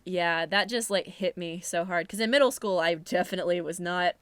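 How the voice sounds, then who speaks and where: A woman's voice: lowish voice, a little fast, a bit bright, clean tone, no echo. A young woman co-hosting a podcast, talking in a candid, reflective, casual way. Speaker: podcast co-host.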